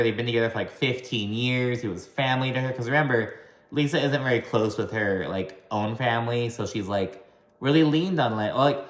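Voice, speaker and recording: Chatty profane man in an echoey room. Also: medium pitch. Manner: chatty, profane, heavy use of "like". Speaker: reality TV recap YouTuber. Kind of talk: casual recap commentary. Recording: roomy room echo.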